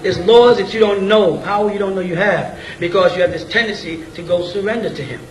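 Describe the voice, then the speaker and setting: A high-pitched man speaks briskly in an informal, blunt, casual lecture to a group, repeatedly asking "you know what I'm saying?". The room is echoey, the mic distant, and faint ambient noise is present.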